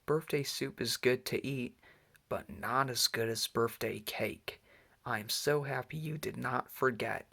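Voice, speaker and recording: Un hombre leyendo como un osito alegre y entusiasta. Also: male voice, medium pitch, measured pace, vocal fry, sharp tone, husky, full character voice. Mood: eager. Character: cheerful little boy bear cub. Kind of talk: reading a children's book aloud.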